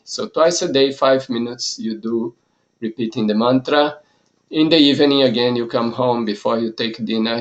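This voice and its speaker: A man who is a monk teaching a yoga course lesson, explaining ideas calmly in short measured phrases. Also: mid-range voice, lo-fi sound.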